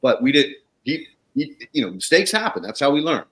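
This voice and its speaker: Blunt male guest, swears a lot, lively up-and-down delivery, casual storyteller. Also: medium pitch, a little fast. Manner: animated, blunt, swears freely. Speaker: guest, soil consultant.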